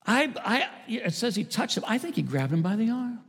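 A man, a pastor, preaching a sermon, swinging between loud emphasis and hushed asides. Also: sits high, sing-song, moderate pace, husky. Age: older. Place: church sanctuary. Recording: church hall reverb.

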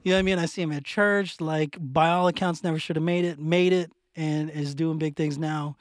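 A man's voice: fairly high pitch, fairly even intonation, fairly quick, dry recording, clean studio sound. A man from West Phoenix, a teacher, telling a classroom story in casual, slangy chat and laughing often. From West Phoenix, Arizona. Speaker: teacher, podcast co-host.

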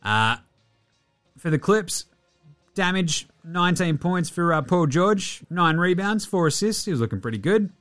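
An Australian man hosting a basketball podcast, reeling off numbers with jokes and the odd swear word. His pitch swings around a lot as he talks, with faint music underneath. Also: expressive, a little slow, a bit bright. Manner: jokey, sweary, rattling off stats. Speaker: podcast host. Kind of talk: casual sports podcast chat.

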